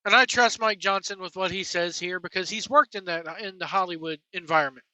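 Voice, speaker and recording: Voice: medium pitch, fairly quick, bright, forceful tone, no room sound, poor audio. A wrestling vlogger delivering a sarcastic, profane rant to viewers. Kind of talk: ranting commentary to camera.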